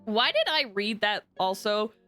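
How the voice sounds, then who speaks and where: A young woman streaming a game, reacting in an excitable, giggly way and wandering off on tangents. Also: mid-range voice, unhurried, faint music behind. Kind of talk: casual game commentary.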